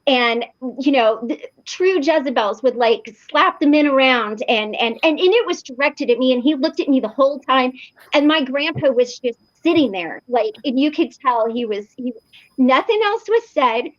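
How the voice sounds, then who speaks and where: A woman telling a lively personal story in a casual online meeting, full of fillers and acted-out quotes. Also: high voice, normal speed, lo-fi sound. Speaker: recovery meeting participant. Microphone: video call.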